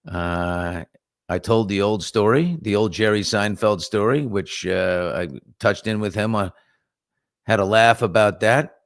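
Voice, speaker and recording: A middle-aged man with a New York accent hosts a casual morning show, reading viewer comments and telling stories. His voice sits on the lower side, and he talks in an animated, chatty way. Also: a little slow, dry recording, studio quality. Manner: animated storyteller, reads viewer comments aloud. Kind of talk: casual storytelling chat.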